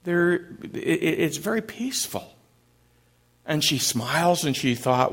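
A middle-aged man, a pastor, preaching a sermon and telling a story in a gentle, halting way. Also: a little high, animated.

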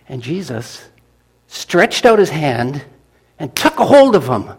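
A man preaching to his congregation, telling a story in a folksy, animated manner. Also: fairly high pitch, slow pace, slightly rough. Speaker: pastor. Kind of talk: storytelling sermon.

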